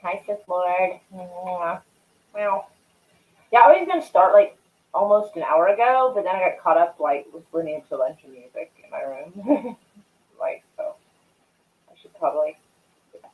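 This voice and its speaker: A woman's voice: lowish voice, expressive, moderate pace, pauses often. A young woman hosting a live stream, chatting casually with viewers in a rambling, swearing, talkative way. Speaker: livestream host. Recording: tinny phone-like audio.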